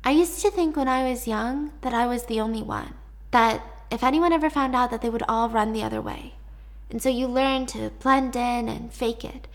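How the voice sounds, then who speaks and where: A woman voicing a needy, manipulative young woman in captivity, talking softly and pleadingly. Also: on the high side, normal speed, lightly acted.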